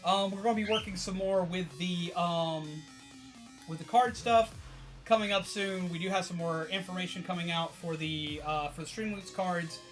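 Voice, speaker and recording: Talking to viewers at a normal speed, this streamer has a high, bright voice and an excitable, slightly weary energy. His casual rambling is peppered with swearing and laughs, while music plays faintly behind him.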